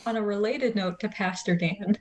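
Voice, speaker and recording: A woman's voice: mid-range voice, moderate pace, darkish tone. A young woman co-hosting a podcast in casual chat, dry and teasing, chiming in to finish the stories and then telling one of her own. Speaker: podcast co-host.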